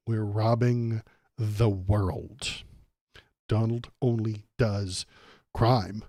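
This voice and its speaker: Man, streamer host, sarcastic and profane, low voice, dark tone. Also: fairly even intonation, very slow, long pauses, no room sound, clean studio sound. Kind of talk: ranting political commentary.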